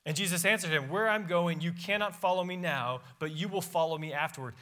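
A man's voice: on the high side, a little fast, hardly any pauses, sharp tone. A pastor preaching a sermon in a church, reading scripture aloud with emphatic rises and drops in his voice. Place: church sanctuary.

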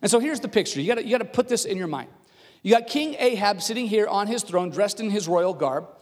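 A man preaching with a slightly raised voice, telling a scripture story and putting on its characters. He is animated and conversational, and his voice rings through a hall with a long reverb. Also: sits high, fast talker. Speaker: pastor. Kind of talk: sermon storytelling.

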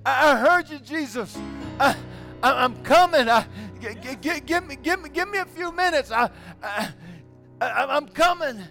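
Guy putting on lazarus fresh out of the tomb, tied up, stammering, high pitched and loud. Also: steady tone, brisk, creaky, hardly any pauses, faint music behind, heavily acted. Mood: straining. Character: Lazarus, grown man just raised from the dead, bound and struggling.

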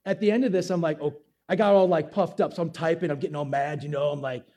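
A man's voice: fairly high pitch, fairly even intonation, quick pace, dark tone. A man preaching as a pastor, casual and self-deprecating, acting out little asides in a sermon to his church.

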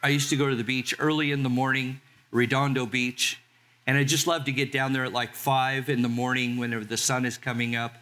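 A man in his sixties from Southern California, a pastor preaching a sermon in a conversational way and slowing down to read scripture. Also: mid-range voice, flat delivery, pushed and bright. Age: 60s. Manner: conversational, reads scripture slowly.

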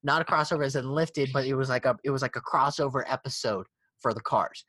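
On a casual car podcast, a male host rants fast, swearing and laughing in an animated way. His voice is medium-pitched, and the recording has no room sound.

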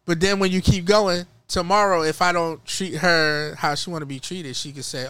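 A man's voice: high voice, moderate pace, hardly any pauses, clean tone, no echo. A man co-hosting a podcast in casual chat, acting out quoted people in a raised voice. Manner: animated, acts out quoted women in a raised voice. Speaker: podcast co-host.

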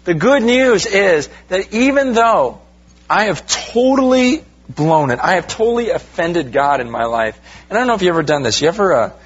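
A pastor preaches to his congregation in a slightly high, husky voice, leaning on rhetorical questions and direct appeals. He keeps the sermon conversational, speaking to the room as "you guys." The recording sounds dull and lo-fi. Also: big pitch swings, moderate pace.

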